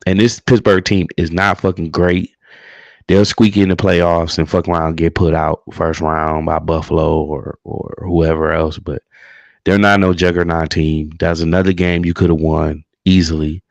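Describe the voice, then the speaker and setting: A man with a very low, gravelly voice rants heatedly and profanely, repeating his points. His audio is dull and lo-fi, with a dry, close sound. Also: level tone, normal speed, dry recording. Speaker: livestream co-host. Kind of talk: profane casual sports rant.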